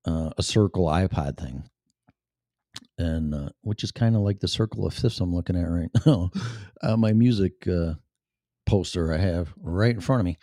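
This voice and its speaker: A man's voice: low-pitched, moderate pace, warm tone, no room sound, clean studio sound. A man with a Chicago accent hosting his show in a rambling, profane, offhand monologue. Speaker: show host. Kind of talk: casual livestream monologue.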